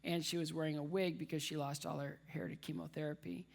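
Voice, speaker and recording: A man's voice: a little high, level tone, fast talker, creaky. A man giving a humorous personal storytelling speech as a guest speaker at a dinner, with comic timing, repeated words for effect, and acted-out voices of the people he quotes. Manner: acts out quoted voices of others.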